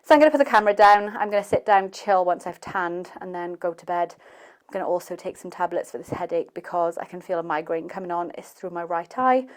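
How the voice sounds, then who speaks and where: A woman's voice: fairly low pitch, brisk. A young woman talking casually to camera in a vlog, chatty and rambling with a self-deprecating manner. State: out of breath after cardio. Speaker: vlogger.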